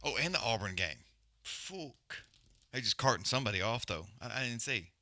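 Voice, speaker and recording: A man's voice: medium pitch, lively intonation, moderate pace, pushed and bright, no echo. A man hosting a livestream, giving casual, profane, rambling commentary on a fight and griping about stream glitches. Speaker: livestream host.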